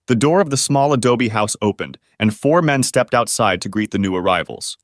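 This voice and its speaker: Lively-voiced man narrating a story. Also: fairly low pitch, moderate pace, hardly any pauses, dry recording, clean studio sound. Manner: steady storybook reading. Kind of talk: scripted narration.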